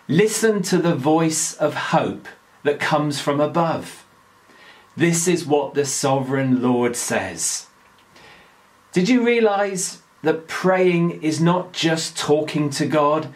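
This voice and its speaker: Male pastor, daily devotional; unhurried, earnest delivery, slightly higher voice. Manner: slow, measured, earnest.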